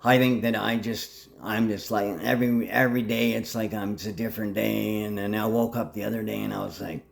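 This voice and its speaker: A man's voice: lowish voice, steady tone, a little fast, gravelly, slight background noise. A man delivering a rambling, agitated monologue full of threats, jumping between topics.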